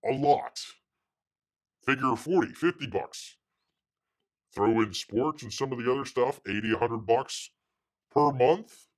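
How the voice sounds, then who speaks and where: A man's voice: mid-range voice, a little slow, long pauses. A man hosting his own livestream show, ranting in a sarcastic, mocking way with lots of filler words. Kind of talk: casual ranting commentary.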